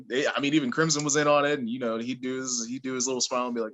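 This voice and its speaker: A young man, a pro wrestler, chatting as an interview guest, telling animated stories and laughing often. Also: medium pitch, very fast, few pauses. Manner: animated storyteller, laughs often, acts out quotes. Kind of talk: casual interview chat.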